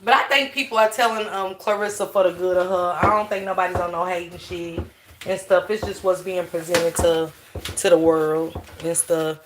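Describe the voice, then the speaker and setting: A woman's voice: on the low side, steady tone, moderate pace, noisy background. A woman hosting a livestream, reading chat and joking loosely with plenty of swearing. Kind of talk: casual chat. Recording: echoey room, mic at a distance.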